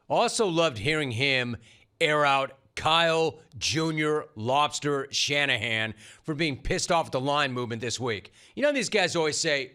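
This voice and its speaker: Punchy, bright-voiced sports radio host. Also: male voice, medium pitch, animated, measured pace. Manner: sarcastic, punchy riffing. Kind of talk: sports talk monologue.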